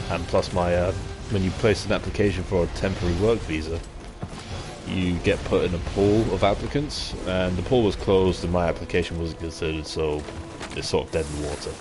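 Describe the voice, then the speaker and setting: A man's voice: sits low, brisk. A young British man casually chatting on a live stream, reading viewer comments aloud and swearing freely. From Britain. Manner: relaxed, chatty, swears freely, laughs at chat. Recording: music playing in the background.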